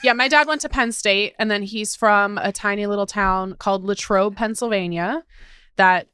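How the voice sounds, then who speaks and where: A woman hosts a relaxed podcast conversation with a smooth, clear voice recorded close and dry. She rambles through stories, laughs often and drops the odd curse word. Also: medium pitch, normal speed, no room sound. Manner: chatty, laughs often, swears casually. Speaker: podcast host. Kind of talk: casual chat.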